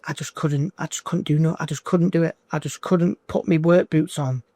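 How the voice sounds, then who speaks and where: Man, forties, coaching client in an emotional interview; halting and repetitive delivery, slightly high voice, dry close recording. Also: steady tone, warm tone, no room sound. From United Kingdom. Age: 40s. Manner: halting, repeats himself, restarts phrases.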